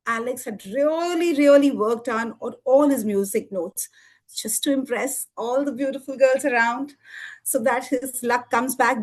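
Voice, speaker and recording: High-voiced woman telling a lively story. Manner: lively, expressive, with sound effects. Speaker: storytelling student. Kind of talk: live storytelling performance for children.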